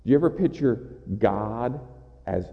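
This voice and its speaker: Recorded with dull sound in a big, echoing hall, a preacher delivers an impassioned sermon in an animated, mid-range voice at a measured pace. He repeatedly stumbles and restarts as his intensity rises.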